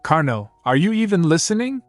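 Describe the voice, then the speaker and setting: A man voicing an excitable, flustered little princess girl, exclaiming in a raised voice. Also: fairly high pitch, fairly quick, no echo, soft background music, pitched above the performer's own voice. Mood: teasing.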